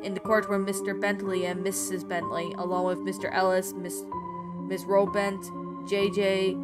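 A woman's voice: medium pitch, flat delivery, normal speed. A woman narrating a horror story aloud, reading earnestly and stumbling over words now and then. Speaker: creepypasta narrator. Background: background music.

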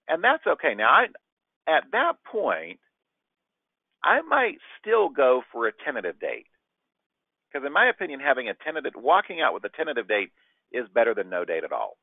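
Brisk and medium-pitched with a breathy edge, a man leads a sales training session on a dry recording that sounds tinny and phone-like. He animatedly plays out quick client exchanges, mixing instruction with role-played dialogue.

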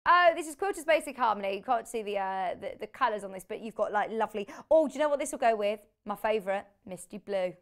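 A woman's voice: medium pitch, animated, fast talker, hardly any pauses, fairly bright tone. A woman presenting live on a shopping channel from a TV studio, chatty and bubbly, laughing easily as she shows fabrics. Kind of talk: live TV product selling.

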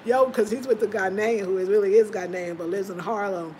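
A woman hosting a casual livestream from home, chatting and reading out viewer comments in an animated, talkative way. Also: mid-range voice, a little fast, a little hiss or hum. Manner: animated, chatty, breaks into laughter. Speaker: livestream host.

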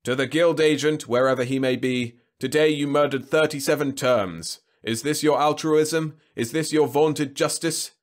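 A man voicing a triumphant male factory executive who proclaims loudly over an intercom. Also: mid-range voice, fairly even intonation, moderate pace, pitched above the performer's own voice, close to an everyday voice. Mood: proclaiming. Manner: loud, proclaiming, rhetorical.

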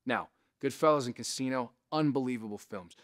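A man with a resonant voice, a comedian casually teaching impressions to camera, animated and conversational. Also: medium pitch, a little fast. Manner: animated, conversational, frequent "right?" asides. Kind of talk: casual instructional talk to camera.

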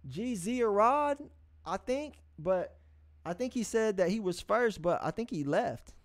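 High-voiced man hosting a casual stream. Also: expressive, no room sound. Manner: loose, repetitive, restarts and drawn-out hums; encouraging, street-casual address to viewers. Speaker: livestream music review host. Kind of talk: casual live-stream talk to chat.

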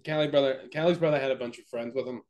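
A man's voice: medium pitch, steady tone, racing, a little mellow. A young man co-hosting a podcast, telling a story in casual chat with many fillers, restarts and swearing. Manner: rambling, profane, lots of fillers and restarts. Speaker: podcast co-host.

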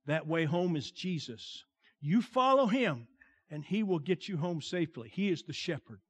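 A man preaching a sermon as a pastor, delivering slow, deliberate lines that fall to a hushed tone and swell on key words. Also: a little high, animated, breathy edge.

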